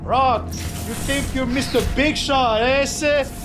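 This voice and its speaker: A man impersonating a swaggering wrestler, cutting a slow, drawn-out taunting promo sprinkled with Spanish slang. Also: very high voice, fairly even intonation.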